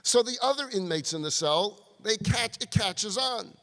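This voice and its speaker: Male rabbi storyteller, a touch high-pitched, long reverb from a large hall. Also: normal speed, creaky. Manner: animated storyteller acting out dialogue. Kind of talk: storytelling sermon.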